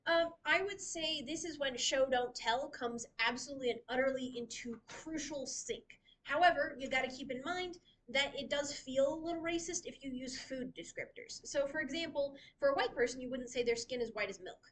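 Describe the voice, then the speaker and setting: A woman's voice: high-pitched, moderate pace, hardly any pauses, fairly bright tone, poor audio. A woman leading a casual writing workshop in a library, chatty and laughing often as she teaches. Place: library meeting room.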